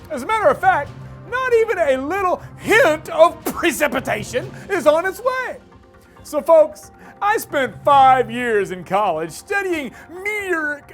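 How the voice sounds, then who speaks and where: A man's voice: very high-pitched, heavily acted. A man playing a cocky, boastful male TV weatherman in a kids' church comedy skit, with a smug, chuckling newscaster delivery.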